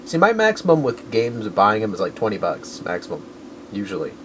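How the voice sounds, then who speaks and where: A man's voice: on the low side, huge pitch swings, brisk, slight background noise, poor audio. A man rambling casually in a vlog about his collecting finds, correcting himself often and dropping crude jokes. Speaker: video game collector vlogger.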